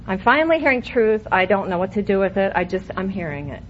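A woman's voice: medium pitch, big pitch swings, quick pace. A middle-aged woman sharing her recovery story at a meeting, candid and wry, breaking into laughter as she tells it. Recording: muffled lo-fi recording with faint hiss.

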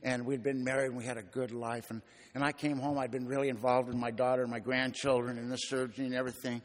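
A man's voice: medium pitch, flat delivery, fast talker. Older man with folksy, colloquial storytelling. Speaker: recovery meeting speaker. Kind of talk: personal storytelling testimony. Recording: long hall reverb.

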